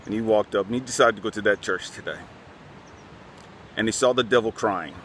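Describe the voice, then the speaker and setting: Earnest low-voiced man talking from the heart. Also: a little fast, a bit bright, slight background noise. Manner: earnest, conversational, keeps repeating a refrain. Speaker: channel host. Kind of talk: heartfelt talk to camera.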